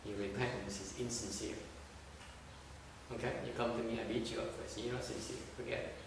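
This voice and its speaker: Blunt Buddhist master, echoey hall. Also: male voice, medium pitch, fairly even intonation, fairly quick, vocal fry, far from the mic, noisy background. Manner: blunt and scolding, with rhetorical questions. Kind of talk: dharma talk sermon.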